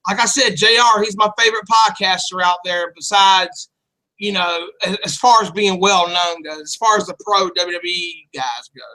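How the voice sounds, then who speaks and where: High-voiced joking podcast host man. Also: normal speed, low-quality recording. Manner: rambling, joking, crude and loud. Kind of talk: casual wrestling podcast chat.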